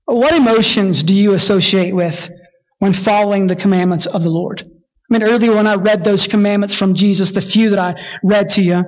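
A man's voice: steady tone, lo-fi sound. A man preaching a sermon, reading scripture and rising sharply when he rebukes. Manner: preaching, rises high and fast when rebuking. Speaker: pastor.

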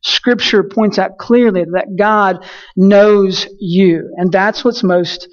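A man's voice: high-pitched, steady tone, takes it slowly, muffled recording. A man preaching a casual sermon, telling a personal story in a loose, conversational way. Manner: conversational, frequent fillers and restarts, storytelling.

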